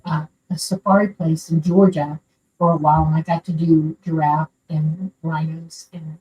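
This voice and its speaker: A low-pitched, dark-toned, level voice at a moderate pace comes from an older woman in Florida, USA. As a caller, she shares a personal story casually, earnestly, and with plenty of rambling; a distant mic catches faint background noise.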